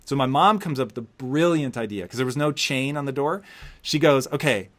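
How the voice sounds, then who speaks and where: A man hosting a podcast interview, telling a story with lively acted-out quotes and plenty of swearing. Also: fairly high pitch, a little fast. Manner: animated storyteller, acts out quotes, heavy swearing. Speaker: podcast host. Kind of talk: casual interview conversation.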